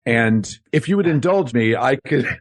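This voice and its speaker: A man in a comedic podcast chat, reading lines aloud with deliberate theatrical delivery. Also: mid-range voice, lively intonation, dry recording. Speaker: podcast guest.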